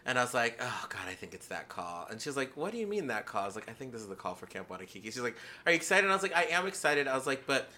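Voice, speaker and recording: A man's voice: medium pitch, sing-song, rapid-fire, hardly any pauses, sharp tone. A man interviewing a guest on a podcast in a casual, chatty way, laughing easily. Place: festival venue.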